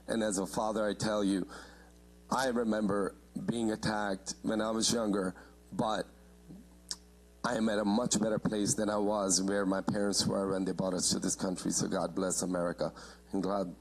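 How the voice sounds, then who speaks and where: A middle-aged man giving earnest, halting public testimony at a committee hearing, with many fillers. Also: fairly low pitch, a little mellow, slightly rough, poor audio.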